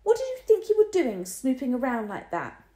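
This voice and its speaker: A woman's voice: medium pitch, very animated, normal speed, warm tone. Woman doing a prickly, defensive schoolgirl. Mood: scornful. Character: guarded, prickly schoolgirl, flat and reciting. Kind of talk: storybook reading. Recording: roomy echo.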